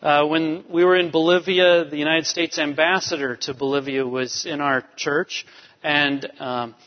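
Guy preaching a sermon, kinda high voice, lots of uh and you know, echoey dull church sound. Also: fairly even intonation, a little slow. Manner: storytelling with many fillers. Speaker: pastor. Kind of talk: sermon with personal story. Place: church sanctuary. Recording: dull reverberant church hall. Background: long hall reverb.

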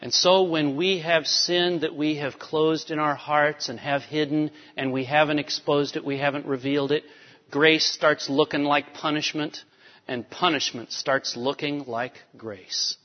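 Male pastor, sermon, fairly high voice, long hall reverb, dull sound. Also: unhurried. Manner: animated preaching, swings from soft to emphatic.

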